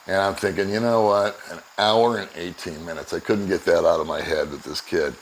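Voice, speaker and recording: A man's voice: low-pitched, fairly even intonation, a little fast, slight background noise, rough recording. An older American man casually telling a travel story, often chuckling and acting out both sides of conversations. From United States. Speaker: vlogger.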